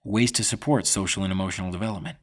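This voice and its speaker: A man reading scripted informational narration about parenting in a measured, even tone. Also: low-pitched.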